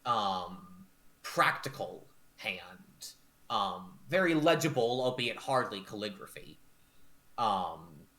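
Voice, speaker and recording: Bright-voiced guy game mastering, slow, swoops around, lots of ums. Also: fairly low pitch. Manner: animated, many fillers. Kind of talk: narrating a tabletop game.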